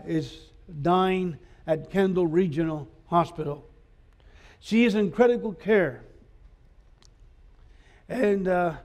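A man's voice: high-pitched, darkish tone. A man preaching a sermon as pastor in a school chapel, speaking earnestly with frequent filler sounds.

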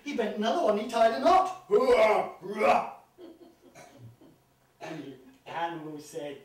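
A male professional storyteller performing live, dramatic with sudden loud bursts and hushed drops. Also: high-pitched, big pitch swings, slow, long pauses. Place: live stage venue. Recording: echoey live venue, distant mic.

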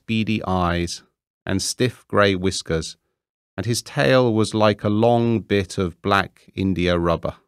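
A man reading a classic fairy tale aloud, slow, deliberate and expressive. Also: fairly low pitch, clean tone, no room sound, studio quality. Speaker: reader. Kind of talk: storybook narration.

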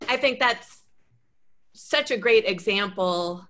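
A woman at a middling pitch asking questions on a video call, relaxed and chatty, with the easy fillers of a casual interview. Her talk is loose and conversational. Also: slow.

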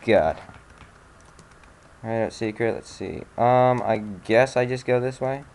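A man's voice: medium pitch, slow pace, gravelly, a little mellow. A young man giving casual commentary on a game he is playing, sarcastic and swearing, with sudden frustrated outbursts. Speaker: let's play gamer.

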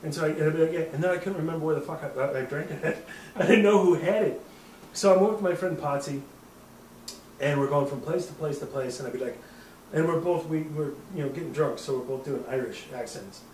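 A man's voice: on the high side, a little fast, darkish tone, echoey room, far from the mic, slight background noise, rough recording. A man in his thirties hosting a podcast, telling a rambling, profane drinking story and laughing at himself. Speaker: podcast host. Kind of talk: casual storytelling.

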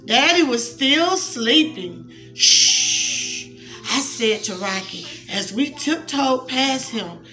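A woman, reading a picture book aloud to her young child in a soft, coaxing way, with asides. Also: high voice, lively intonation, slow, soft background music.

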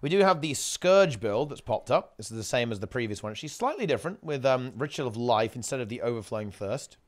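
Lively chatty male game caster. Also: medium pitch, brisk. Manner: chatty, rambling, self-correcting asides. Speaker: esports tournament commentator. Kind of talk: casual live game commentary.

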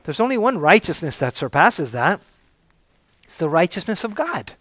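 A man preaching a sermon in a slightly raised pitch, calling out to his congregation for an amen and punching key words with sudden loud emphasis. His voice sounds dry and close. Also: very animated, normal speed, dry recording. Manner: call-and-response, repeating "say amen if you're with me". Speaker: pastor.

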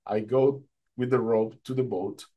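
A man giving a personal faith testimony, telling his story in an animated way and acting out what people said. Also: mid-range voice, a little slow, phone-quality sound. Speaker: testimony speaker.

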